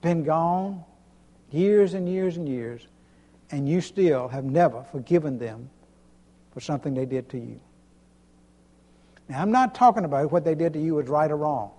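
A pastor preaching an emphatic sermon, repeating himself and chuckling between points. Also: male voice, a little high, lively intonation, moderate pace, long pauses, warm tone. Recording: long hall reverb.

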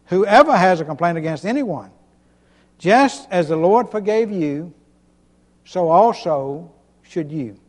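A pastor preaching an emphatic sermon, repeating himself and chuckling between points. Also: male voice, high-pitched, expressive, slow, pauses often, a little mellow. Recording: long hall reverb.

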